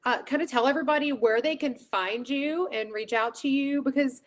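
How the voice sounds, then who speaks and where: A woman's voice: sits high, moderate pace. A woman hosting a casual video-call chat, easygoing and a little rambling. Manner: easygoing, rambling, with many fillers. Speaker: host. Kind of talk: casual conversation.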